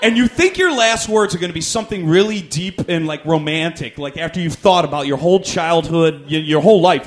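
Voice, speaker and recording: A man's voice: on the high side, animated, brisk, hardly any pauses. A man doing stand-up, telling a long story in a rambling, self-deprecating way. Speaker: stand-up comedian.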